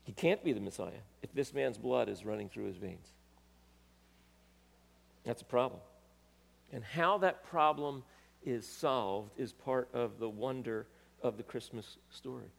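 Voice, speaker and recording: A man preaching a sermon, reading scripture aloud with rising emphasis and pausing to correct himself. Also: mid-range voice, animated, creaky. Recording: long reverb of a large hall.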